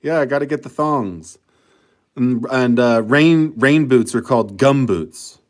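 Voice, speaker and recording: A man hosting his own vlog channel chats casually, reading out viewer comments and rambling with plenty of swearing. He sounds profane and laid-back, with a medium pitch and an unhurried pace.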